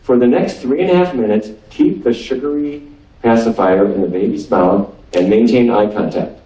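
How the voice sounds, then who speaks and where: A man's voice: medium pitch, moderate pace, warm tone. A man from North Dakota giving a humorous nutrition lecture as a physician and quizzing his audience with questions. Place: lecture room on a cruise ship. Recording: roomy hall, voice from far off.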